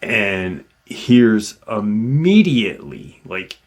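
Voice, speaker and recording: A man hosting a show, retelling a listener's encounter in a halting, casual way with frequent restarts. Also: sits low, expressive. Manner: halting, with many restarts and fillers. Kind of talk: casual storytelling.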